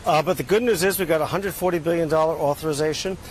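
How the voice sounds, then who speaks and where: A man's voice: fairly high pitch, quick pace, slight background noise. Upbeat man fielding interview questions. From United States. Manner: upbeat, talks in figures, frequent "uh" fillers. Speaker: export bank chairman, interview guest. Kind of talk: news interview answers.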